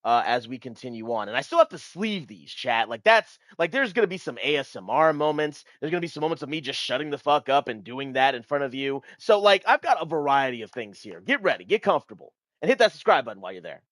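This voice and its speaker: A male streamer talks straight to his chat, hyped and swearing freely, his pitch leaping up and crashing down as he riffs. The sound is close and dry with no room around it. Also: fast, hardly any pauses, no room sound. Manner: animated, hyped and profane, talking to chat. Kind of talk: casual card-game commentary.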